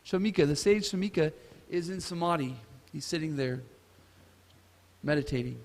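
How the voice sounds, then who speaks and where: A man's voice: a little high, normal speed, darkish tone. A man teaching a scripture class at a temple, retelling a story and asking the audience questions. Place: temple hall. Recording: reverberant temple hall.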